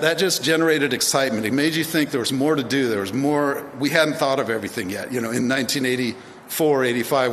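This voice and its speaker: A man in his fifties from the United States telling stories in a speech, rambling with many fillers and restarts. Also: mid-range voice. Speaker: speaker at induction ceremony. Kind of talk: storytelling speech. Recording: long reverb of a large hall, faint ambient noise.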